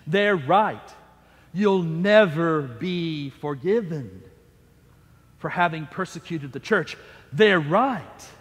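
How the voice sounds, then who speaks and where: A man voicing a sly, condemning demonic inner voice, speaking low, slow and hushed in a reverberant church sanctuary. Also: animated. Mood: hushed menace.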